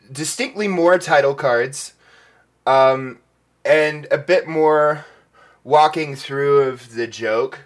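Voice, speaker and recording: Slow, hesitant man chatting. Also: mid-range voice. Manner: slow, hesitant with many fillers. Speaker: podcast co-host. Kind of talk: casual chat.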